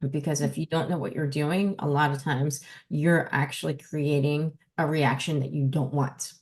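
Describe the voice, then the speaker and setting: Woman, New Jersey accent, dog trainer podcast host, lower voice, emphatic teacher. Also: normal speed. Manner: emphatic, lively teaching delivery. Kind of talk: casual podcast talk.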